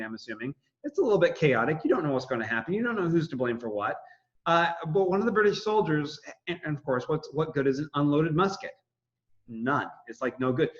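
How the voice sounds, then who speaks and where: A man's voice: on the high side, muffled recording. A man giving a casual history lecture, rambling with many fillers and restarts. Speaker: history teacher.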